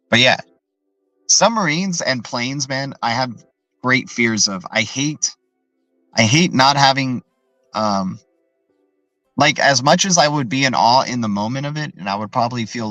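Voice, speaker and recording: A man's voice: medium pitch, a bit bright, no room sound, poor audio. A man hosting a live stream in a loose, rambling way, tagging his points with "right?" and answering viewer chat as he goes. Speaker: livestream host.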